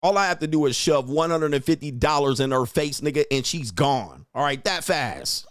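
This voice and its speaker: A young male streamer rants at his livestream chat, profane, mocking and confrontational, laughing often as he reads it. His voice sits on the high side, animated at normal speed, in studio-quality audio with no room sound.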